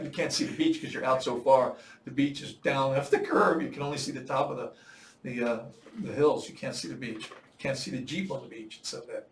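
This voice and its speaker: An older man tells a long story in a casual, lively way, now and then acting out the voices he quotes with loud bursts. He sounds set back from the mic in an echoey room, with a faint noise underneath. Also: mid-range voice, distant mic. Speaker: Marine veteran storyteller.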